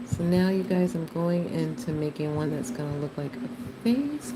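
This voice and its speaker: A woman's voice: sits low, expressive, normal speed, hardly any pauses, over music, rough recording. A woman chatting casually with her livestream chat while she draws, laughing often. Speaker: art livestreamer.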